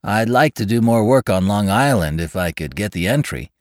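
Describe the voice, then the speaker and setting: Man voicing a fussy photographer, earnest, self-promoting, lowish voice, storybook reading. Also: animated, normal speed, a little mellow, no room sound, studio quality, lightly acted.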